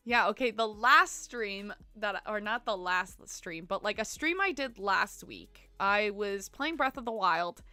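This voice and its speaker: A woman's voice: mid-range voice, animated, a little slow, few pauses, bright, forceful tone, dry recording. Giggly Canadian woman chatting on stream. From Ontario, Canada. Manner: chatty, lots of "like" and "um", giggly, apologetic. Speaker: livestreamer. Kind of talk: casual livestream chat with viewers. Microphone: desk mic she keeps bumping.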